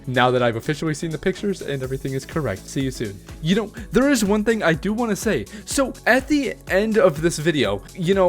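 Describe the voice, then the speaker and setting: Chatty man musing over a story. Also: a little high. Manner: rambling, self-questioning, chatty. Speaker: reaction video host. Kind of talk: casual reaction commentary.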